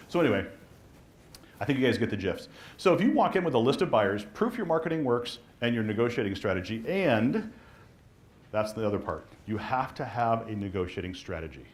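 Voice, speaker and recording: There's slight background noise as a man teaches a live real estate marketing class in a mid-range voice. Fast and animated, he role-plays dialogue with clients and agents.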